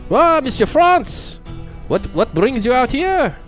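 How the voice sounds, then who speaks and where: Guy doing a high-pitched french servant, fussy and polite, nosy, bounces around a lot. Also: very animated, takes it slowly, fairly bright tone, soft background music, exaggerated voice. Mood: prying. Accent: put-on French. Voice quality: fussy formal phrasing with hesitations. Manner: prying, overly courteous. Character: French-accented male manor servant, probing and polite.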